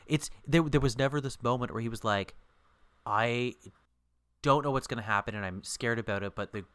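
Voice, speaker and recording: A man's voice: mid-range voice, brisk, fairly bright tone, clean tone, no echo. A man co-hosting a podcast in casual chat, acting out quotes in jumping voices. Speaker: podcast co-host.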